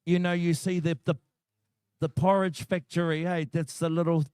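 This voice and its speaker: A man's voice: fairly high pitch, level tone, moderate pace, a little mellow, smooth, no room sound, studio quality. A man with a New Zealand accent announcing a shearing contest, joking and chatting with the crowd. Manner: jokey, chatty, banters with the crowd. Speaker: competition announcer. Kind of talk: live event commentary over a PA.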